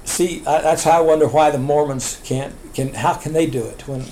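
A man's voice: fairly high pitch, moderate pace, crowd noise, low-quality recording. An older man recounting his family history in a rambling, chuckling way, with many restarts. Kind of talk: oral history storytelling.

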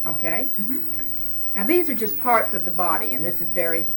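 A woman conducting a dialect survey interview speaks at a fairly low pitch, very animated and a little fast, patiently starting sentences for the other person to finish. Faint music sits behind her voice on a rough recording.

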